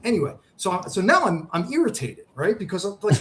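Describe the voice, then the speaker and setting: A man's voice: high-pitched, fairly quick, a little hiss or hum. A man telling a long sports story in a casual podcast chat, acting out what people said. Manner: animated storyteller, acts out quotes. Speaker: charity founder, guest.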